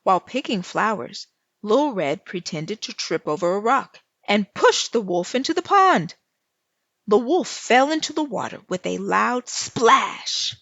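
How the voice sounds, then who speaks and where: Woman narrator reading a children's story aloud, slow and gravelly, dry, dull lo-fi recording. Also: medium pitch, dry recording. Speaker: author reading her story.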